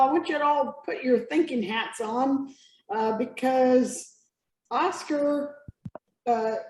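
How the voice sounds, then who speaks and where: A woman hosting an online club meeting, introducing speakers in a measured way. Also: sits high, a little mellow, reverberant, a little hiss or hum, poor audio. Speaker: meeting host.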